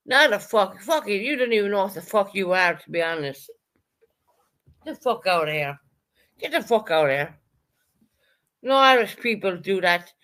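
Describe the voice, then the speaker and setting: A woman's voice: medium pitch, lively intonation, normal speed, pauses often, fairly bright tone. A woman ranting on a livestream, swearing heavily, repeating herself, and calling out chat viewers by name. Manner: profane, heated and repetitive. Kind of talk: angry livestream rant.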